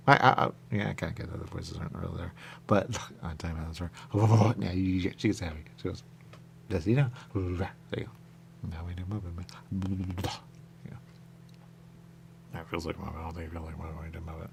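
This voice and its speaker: A man's voice: low voice, expressive, a little fast, vocal fry, slight background noise. A man hosting a radio show in loose, rambling on-air chat, drifting between thoughts and repeating stock phrases.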